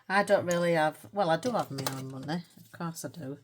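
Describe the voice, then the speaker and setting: A woman's voice: low voice, a little fast, slight background noise. A middle-aged British woman chatting casually as she colours, rambling and self-mocking, with little laughs between thoughts. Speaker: colouring channel host. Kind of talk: casual chat while colouring.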